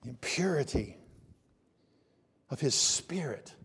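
A man's voice: mid-range voice, expressive, slow pace, vocal fry, fairly bright tone, slightly rough, in a large hall. A man preaching a sermon in a conversational way, asking many rhetorical questions and building to emphatic bursts. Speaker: pastor.

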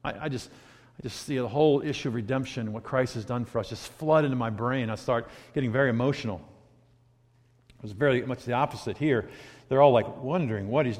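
A man preaching a sermon, swinging from hushed, reflective asides to loud, emphatic points. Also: medium pitch, fairly quick. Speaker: pastor. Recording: hall reverb.

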